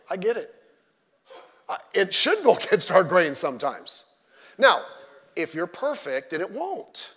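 A middle-aged man preaching a sermon as pastor, animated and digressive, with joking asides. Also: high voice. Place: church sanctuary. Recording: long church-hall reverb.

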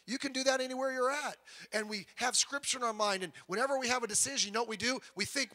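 A man preaching a sermon as pastor, animated, with sudden loud emphasis and quiet asides. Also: high voice, quick pace. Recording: long reverb of a church hall.

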